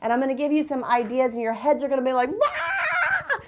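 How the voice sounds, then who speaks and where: A woman's voice: high voice, steady tone, very fast, heavy background noise. A woman hosting a card-making tutorial, bubbly and enthusiastic, chatting to her viewers. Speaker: crafting channel host.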